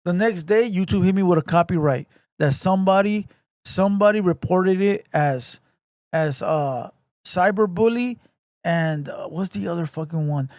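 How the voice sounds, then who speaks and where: High-voiced profane man on a livestream. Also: moderate pace, dry recording, studio quality. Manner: profane, slangy, animated retelling; repeats phrases, addresses listener as bro. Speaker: livestream host. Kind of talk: casual livestream storytelling.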